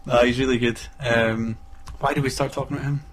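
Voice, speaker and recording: A man's voice: medium pitch, level tone, fairly quick. A man in casual chat as a podcast co-host, laughing often and acting out voices in his stories. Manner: laughing, acts out quoted voices.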